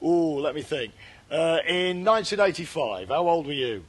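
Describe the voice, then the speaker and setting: High-voiced man doing comic banter. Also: normal speed, slightly rough. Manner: deadpan, puts on silly French accents. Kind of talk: comedic banter.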